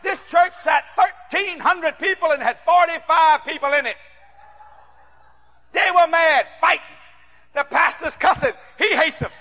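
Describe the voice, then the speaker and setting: A male preacher from New Orleans delivers a sermon in a high, piercing voice, shouting and acting out every character. His bright, forceful tone rings through a hall with a long echo. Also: measured pace. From New Orleans, Louisiana. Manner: animated, shouting, acts out voices. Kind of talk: sermon storytelling.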